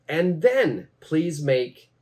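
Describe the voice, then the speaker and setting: Male English teacher, measured and patient, slightly higher voice, repeats key phrases. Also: very animated, a little mellow. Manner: repeats phrases slowly for learners. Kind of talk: slow, deliberate teaching.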